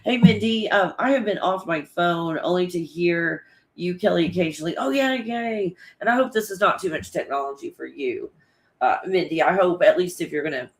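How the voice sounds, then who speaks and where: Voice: mid-range voice, fairly quick. A livestream host chatting casually with viewers and reading out their comments, in a rambling, loose manner that is full of swearing and frequent laughter.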